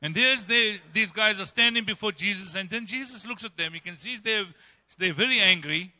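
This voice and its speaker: Bright-voiced preaching man in reverberant church. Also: moderate pace. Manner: emphatic preaching with dramatic swings in pitch and loudness. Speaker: pastor. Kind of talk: sermon. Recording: long church-hall reverb.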